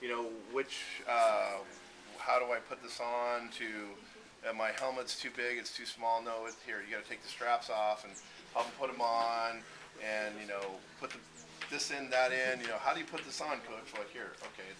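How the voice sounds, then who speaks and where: A man's voice: medium pitch, fairly even intonation, moderate pace, sharp tone. Storytelling coach man, noisy room. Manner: storytelling, acts out players and himself. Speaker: junior varsity coach. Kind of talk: banquet speech telling stories.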